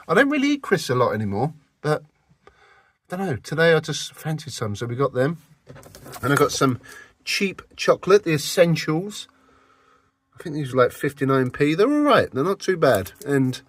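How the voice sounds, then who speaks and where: A man with a fairly high-pitched voice films a casual camping vlog on his phone from inside a van. He talks to the camera in a cheeky, jokey manner, and there's no echo.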